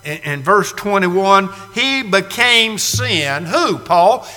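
A man in his sixties preaching a dramatic sermon, moving from hushed, slow passages to loud cries. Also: high-pitched, animated. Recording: reverberant hall.

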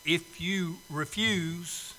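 Male preacher, high bright voice, slow pleading invitation, long hall reverb. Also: slight background noise. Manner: pleading, swells loud then drops soft. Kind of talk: sermon invitation. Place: church sanctuary.

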